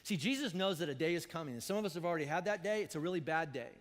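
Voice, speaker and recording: Pastor, male, higher-pitched, preaches with animated swings from loud to hushed, in a reverberant church. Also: rapid-fire. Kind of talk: sermon. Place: church auditorium.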